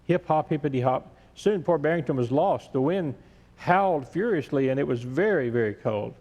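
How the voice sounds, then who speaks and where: A male pastor reading a story aloud in a church sermon, gentle and measured. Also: fairly high pitch, expressive. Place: large church sanctuary. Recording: echoey church sanctuary.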